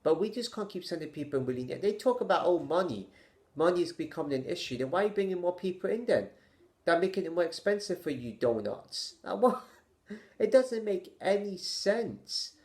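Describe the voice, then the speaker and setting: A man vlogging his opinions to camera in a halting, stammering way, sighing with exasperation and firing off rhetorical questions. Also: high voice, sing-song, a little mellow.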